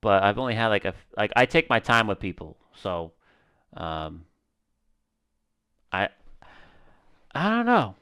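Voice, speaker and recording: A male streamer riffs through a horror game in loose, slangy commentary with the odd swear. His voice is smooth and resonant, and his pitch swings freely as he reacts and chats to viewers. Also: wildly swooping pitch, measured pace, long pauses, a bit bright. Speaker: gaming streamer. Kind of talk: casual gaming commentary.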